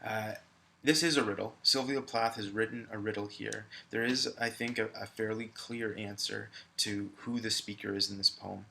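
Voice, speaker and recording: A male high school English teacher giving a recorded video lesson, talking to viewers in a conversational way with frequent fillers. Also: fairly even intonation, moderate pace, vocal fry, bright, forceful tone.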